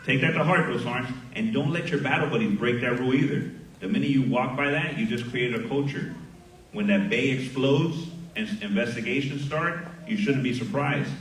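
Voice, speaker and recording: A middle-aged sergeant major from Miami, male with a mid-range voice, gives a graduation speech into a podium microphone in a large hall. He tells a story full of lively acted dialogue, and the recording sounds echoey and distant.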